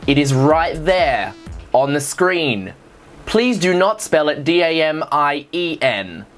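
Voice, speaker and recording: A man's voice: a little high, big pitch swings, slow pace, soft background music. Sarcastic young guy ranting. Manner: sarcastic, exasperated, swears freely. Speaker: vlogger. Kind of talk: comedic rant to camera.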